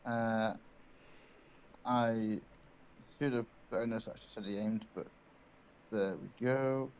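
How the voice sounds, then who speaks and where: A man playing a tabletop game, describing his turn in a deliberate, halting way with many pauses. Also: lowish voice, darkish tone, smooth, muffled recording. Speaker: player.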